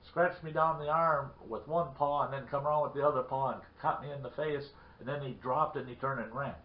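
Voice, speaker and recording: A man voicing a tipsy old backwoods man who is shaken but boastful, in a drawling, excited way. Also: medium pitch, a little fast, slight background noise, natural voice. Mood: rattled. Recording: roomy lo-fi recording.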